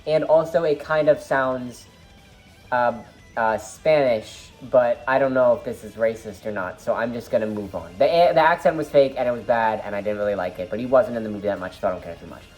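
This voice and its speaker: A woman's voice: very deep voice, a little fast, a little mellow, soft background music. A woman giving a casual movie review vlog, rambling and enthusiastic with lots of fillers.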